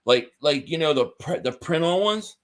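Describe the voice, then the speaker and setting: On a relaxed sports podcast, a co-host with a slightly high voice at normal speed reads the viewers' chat aloud and tells stories in a lively way.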